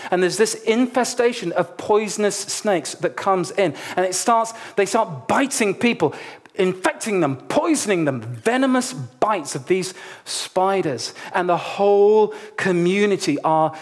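Guy preaching, fairly high voice, animated and jokey, talks right to the crowd like he's telling a story. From Nigeria. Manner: animated, humorous storyteller addressing a congregation. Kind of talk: sermon with personal storytelling.

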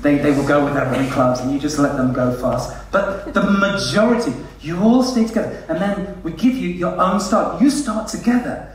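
Guy preaching a story, bit high voice, big echoey hall, mic kinda far off. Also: moderate pace. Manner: animated storyteller, acts out quoted voices. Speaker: church leader. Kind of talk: storytelling sermon.

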